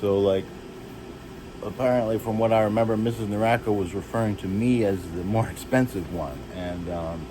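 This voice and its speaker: A man telling rambling, halting stories about his childhood, jumping from one memory to the next. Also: background noise. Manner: rambling, halting, restarts and jumps between stories; shouts and jumps high when acting out others. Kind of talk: rambling personal storytelling.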